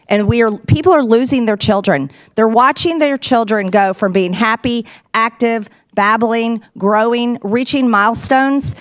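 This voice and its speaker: A woman's voice: fairly high pitch, moderate pace, hardly any pauses. A woman speaking formally at a congressional hearing, emphatic and insistent.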